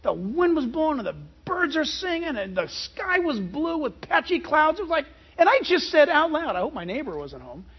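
A man preaching a sermon as a pastor, animated and emphatic, with many rhetorical questions. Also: extremely high pitch, moderate pace, hardly any pauses, muffled recording.

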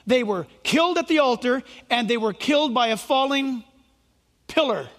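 A man's voice: very high voice, expressive, moderate pace, a bit bright. A male pastor preaching a sermon in an emphatic, preacherly way, acting out imagined voices. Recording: long hall reverb.

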